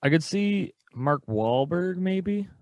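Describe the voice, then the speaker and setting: A man co-hosting a casual movie podcast, easygoing and quick to laugh. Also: high-pitched, lively intonation, darkish tone, no echo. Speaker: podcast co-host. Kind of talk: casual movie review chat.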